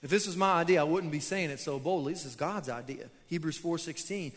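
A man's voice: fairly high pitch, fairly quick, few pauses, fairly bright tone. Casual preacher man in an echoey hall. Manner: casual, storytelling preacher who laughs at himself. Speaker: pastor. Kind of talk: sermon. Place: church auditorium.

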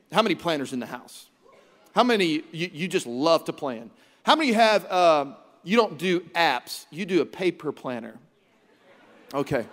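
High-voiced, lively preaching man. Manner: energetic, joking, acts out his kids' voices. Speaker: pastor. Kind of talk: sermon. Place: large church auditorium. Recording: reverberant church hall.

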